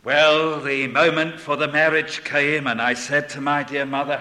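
An older man preaching a sermon, dropping to a hush and then rising to loud proclamation. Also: fairly high pitch, little pitch movement, a little slow. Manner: swings between hushed and loud proclaiming.

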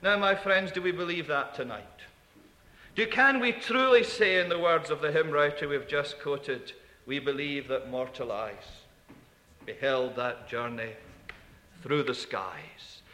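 A man preaching a sermon, emphatic, repeating key phrases and dropping to hushed asides. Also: on the high side, measured pace. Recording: echoey hall.

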